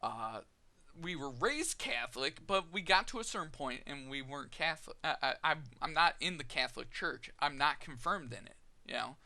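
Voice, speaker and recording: Gravelly, bright-toned man telling a personal story. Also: a little high, animated. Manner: halting, many "you know" fillers and restarts. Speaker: vlogger.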